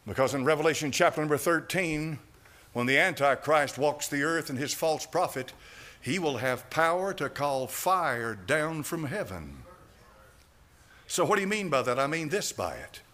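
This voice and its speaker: A man preaching a sermon as pastor, fiery and dramatic, swinging between loud cries and low asides, with chuckles along the way. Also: lively intonation, moderate pace.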